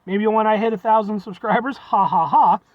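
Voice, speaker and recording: A man's voice: sits high, moderate pace, no echo. A young man reviewing food in a rambling, folksy vlog chat, often calling viewers "folks" with playful exaggeration. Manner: playful exaggeration, self-deprecating. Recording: dull lo-fi dry recording.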